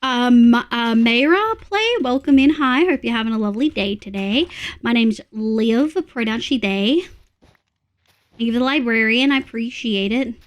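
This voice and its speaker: Brief: Australian woman, streamer, chatty and sweary, voice a touch high. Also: normal speed. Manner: chatty, swears freely, giggly. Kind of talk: casual live-stream chat.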